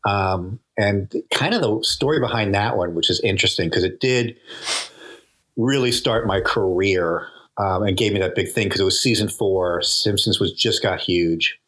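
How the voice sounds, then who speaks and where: A man's voice: on the low side, moderate pace, fairly bright tone. An older man, a TV comedy writer, telling stories in a casual interview, chatty and laughing often. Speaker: guest, TV comedy writer and producer.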